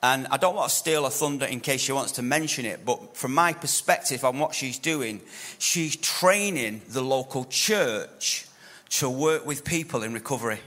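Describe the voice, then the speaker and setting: A man introducing a guest speaker at a church conference in a relaxed, joking way. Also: mid-range voice, moderate pace, long reverb tail.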